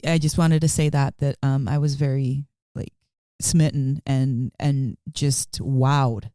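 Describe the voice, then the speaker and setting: A woman's voice: a bass voice, fairly even intonation, takes it slowly, warm tone, no room sound, clean studio sound. Earnest, heartfelt woman podcast co-host. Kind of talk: casual chat.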